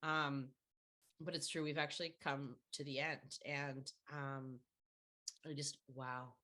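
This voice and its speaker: A woman's voice: a bass voice, flat delivery, slow, bright, forceful tone. A woman hosting a casual online panel chat from her home, playful and bubbly, laughing as she talks over a video call. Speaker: host.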